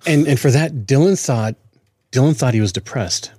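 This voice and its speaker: A man's voice: mid-range voice, animated, moderate pace, mellow, breathy edge, dry recording, studio quality. A man in his forties co-hosting a podcast, chatting earnestly and often restarting his words. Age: 40s. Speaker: podcast co-host. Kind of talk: casual chat.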